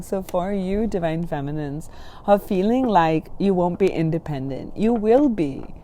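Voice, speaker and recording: Soothing low-voiced woman reading tarot. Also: expressive, normal speed, slight background noise. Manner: gentle, soothing, says okay often. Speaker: tarot reader.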